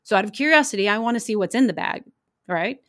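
A woman who works as a crime scene investigator, casually telling wry, animated stories from her work. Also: medium pitch, fast. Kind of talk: casual anecdotal storytelling.

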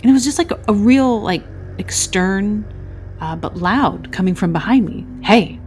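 A woman's voice: mid-range voice, animated, normal speed, darkish tone, faint music behind. A woman hosting a podcast, telling a story casually and vividly, acting out quoted voices and swearing freely. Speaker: podcast host; crime scene investigator.

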